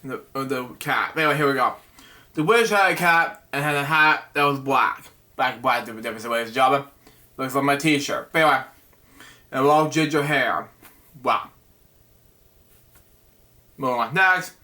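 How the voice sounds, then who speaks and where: A man hosting a bedtime story show, reading a picture book aloud in a halting way, stumbling over words and breaking off with asides. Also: mid-range voice, pushed and bright. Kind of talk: casual read-aloud with asides.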